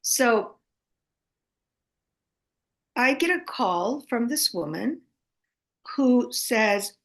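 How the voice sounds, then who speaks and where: An American woman in her seventies tells a story as a guest author. Her voice sits a little high, and she talks in an animated, chatty way. She keeps checking in with her listener by asking "okay?". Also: drawn-out words. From United States.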